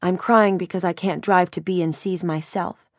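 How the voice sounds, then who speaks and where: Thirties woman narrator, wry and emotional first-person reading, low pitch, dry close mic. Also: fairly even intonation, moderate pace, dry recording. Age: 30s. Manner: wry, self-mocking, emotional. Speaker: audiobook narrator.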